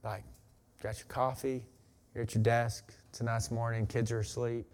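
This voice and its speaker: A man preaching a sermon. He talks in a relaxed, chatty way and rises into emphatic reading of scripture. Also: mid-range voice, moderate pace. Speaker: pastor.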